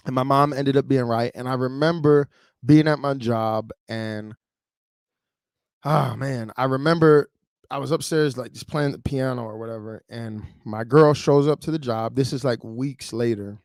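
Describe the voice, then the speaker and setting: A man's voice: medium pitch, normal speed, a little mellow, no room sound, studio quality. A man in his thirties from Chicago, telling a personal story on a livestream in a casual, emotional way with many fillers. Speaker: livestream host.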